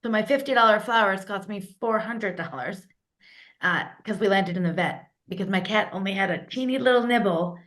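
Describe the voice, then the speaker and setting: A woman co-hosting a parenting podcast in casual chat, animated and emphatic, laughing often. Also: mid-range voice, brisk. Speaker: podcast co-host.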